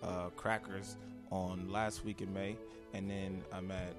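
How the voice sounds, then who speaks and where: A man from New York, a comedian guest on a podcast in a hotel room, talking in a laid-back, low-key way. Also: level tone, slow, music in the background. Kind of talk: casual podcast conversation.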